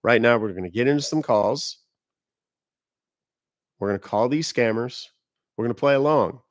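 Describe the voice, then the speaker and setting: Here a male American streamer addresses his audience casually, warning them bluntly and with emphasis. His mid-range voice moves at a moderate pace, recorded dry at studio quality.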